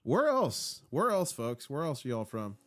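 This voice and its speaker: Man, live-stream host, casual, rambling, middle pitch, dry sound. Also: wildly swooping pitch, measured pace, no room sound. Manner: upbeat, reading out viewer comments; rambling, with fillers and restarts. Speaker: livestream host.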